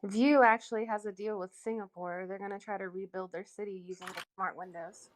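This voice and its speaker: A woman explains market details plainly in a relaxed group call. Her voice sits at a typical middle pitch and sounds straightforward and informative. She speaks in a casual chat tone. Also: fairly quick, crowd noise, poor audio. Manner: matter-of-fact, informative. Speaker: Discord voice chat participant.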